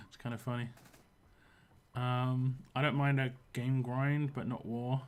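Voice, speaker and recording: Casting note: male game streamer, West London accent, mid-pitched, rambling and chatty with viewers. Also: level tone, takes it slowly. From England. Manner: chatty and rambling, answers chat as he plays. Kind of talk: casual livestream chat while playing.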